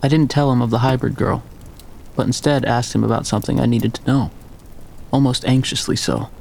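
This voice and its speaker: A man narrating a first-person story in a steady, measured way. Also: mid-range voice, creaky, slight background noise.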